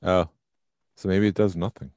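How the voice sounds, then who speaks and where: Male podcast co-host, very low pitch, tired and halting, dry sound. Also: steady tone, a little mellow, no room sound. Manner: tired, halting, with many ums. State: sleepy. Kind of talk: casual chat.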